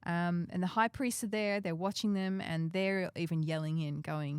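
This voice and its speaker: A woman's voice: lowish voice, fairly even intonation, moderate pace, clean tone, no echo, clean studio sound. A woman co-hosting a casual Bible discussion, reading a passage aloud and asking questions. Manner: reads the passage aloud, asks questions, laughs easily. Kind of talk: casual Bible study chat.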